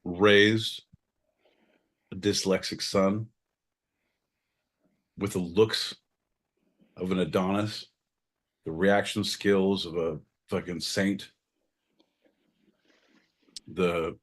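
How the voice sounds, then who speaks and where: A man co-hosting a podcast, joking loudly, interrupting and swearing, with sudden jumps in pitch. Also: steady tone, drawn-out words, pauses often. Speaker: podcast co-host. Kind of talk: rowdy comedic banter.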